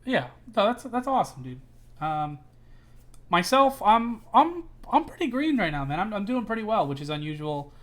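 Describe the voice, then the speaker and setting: A young man hosts a relaxed podcast with friends, his voice sitting a bit high. He talks in an animated way, stumbling over repeated words and swearing casually as he goes. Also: normal speed. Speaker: podcast host. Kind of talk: casual chat.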